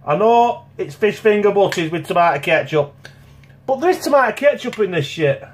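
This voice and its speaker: A man's voice: sits high, animated, moderate pace. A man, host of a home cooking channel, chatting bluntly to camera and swearing constantly. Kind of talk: casual sweary to-camera chat. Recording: echoey room.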